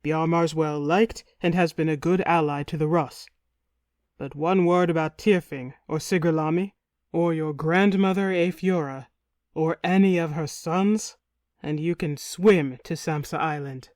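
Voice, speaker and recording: A woman's voice: sits low, fairly even intonation, measured pace, darkish tone, no room sound, clean studio sound. A woman voicing a stern male Viking chieftain in an audiobook, blunt and commanding.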